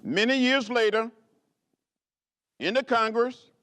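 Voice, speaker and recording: An older man from rural Alabama, giving a measured, rhythmic speech with repeated phrases, like a preacher. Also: extremely high pitch, pushed and bright. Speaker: guest speaker at a library author event. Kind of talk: oratorical storytelling speech.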